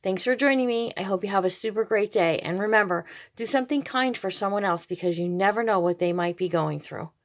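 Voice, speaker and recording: A woman talks through a homemade craft project in a relaxed, chatty way, pausing often on little ums. Her voice is a bit scratchy from a cold and has a gravelly edge, sitting at an ordinary middle pitch. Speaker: craft channel host. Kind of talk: casual DIY tutorial.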